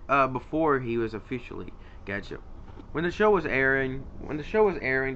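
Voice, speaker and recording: A man's voice: medium pitch, a bit bright, muffled recording, slight background noise. A man casually rambling about his favorite voice actors in an unscripted vlog, with lots of fillers and restarts. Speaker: YouTuber ranking voice actors.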